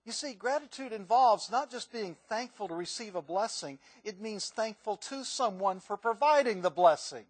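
High-voiced male pastor preaching. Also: expressive, moderate pace, few pauses, husky, no room sound. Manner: conversational, asks the congregation questions. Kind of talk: sermon.

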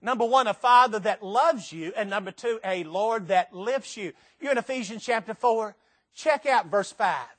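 An older man preaching a sermon to a church audience, swinging between soft and loud with strong emphasis. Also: animated, normal speed. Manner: emphatic, dramatic swings in pitch and volume. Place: church meeting before a live audience.

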